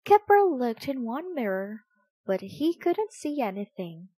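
A woman reading a children's story aloud, slow and expressive in a sing-song way. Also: on the high side, slightly rough, dry recording. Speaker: storybook reader.

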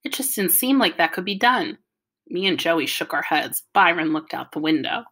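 A woman reading a novel aloud with lively, wry storytelling. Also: lowish voice, normal speed. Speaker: audiobook reader. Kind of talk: storytelling narration.

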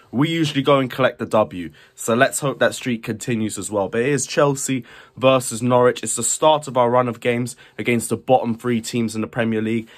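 A young man hosting a football fan vlog, chatting upbeat predictions straight to camera. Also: mid-range voice. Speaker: fan channel vlogger.

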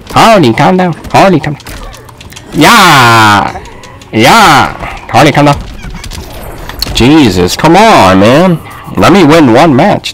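Excitable man yelling over a fighting game. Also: a little high, poor audio. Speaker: gaming video host. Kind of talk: live gameplay commentary.

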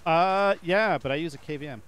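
A man's voice: on the high side, a little fast, fairly bright tone, smooth. A man chatting easily with friends while he plays a survival game. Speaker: co-op player. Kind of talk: casual gaming chat.

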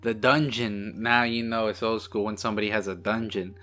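A man's voice: lowish voice, fairly even intonation, a little fast, sharp tone, soft background music. A man hosting a casual movie watch-along, joking sarcastically at the screen and swearing freely. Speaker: host.

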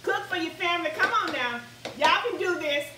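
A woman hosting a home cooking show, her voice very high and lively as it swoops up and down. She chats warmly with viewers and urges them on. She sounds a little distant in an echoey kitchen, with faint pots and pans clinking behind her. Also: moderate pace, noisy background. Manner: chatty and encouraging, greeting viewers by name. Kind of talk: live-streamed cooking show.

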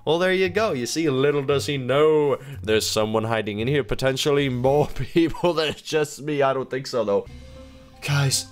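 A man's voice: normal speed, faint music behind. A man in his twenties gives playful gameplay commentary, sick and yawning, his voice jumping up when he gets alarmed. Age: 20s. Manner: excitable, pitch jumps up when alarmed. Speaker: gaming video host.

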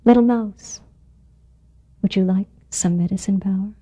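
A wise old frog, slow and measured, giving solemn counsel, as a woman storyteller voices him. Her tone is mellow and warm throughout. This is a live storytelling performance. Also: medium pitch, husky. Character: wise old male frog, calm teacher.

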